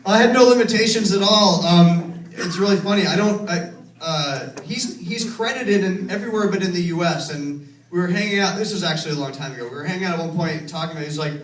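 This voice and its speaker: A man's voice: high voice, fast talker. Male filmmaker fielding audience questions, chatty and self-correcting, heard from a distance in a roomy theater. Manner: rambling, self-correcting, laughs while telling stories. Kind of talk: casual Q and A storytelling. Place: cinema auditorium. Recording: roomy, distant from the mic, faint noise.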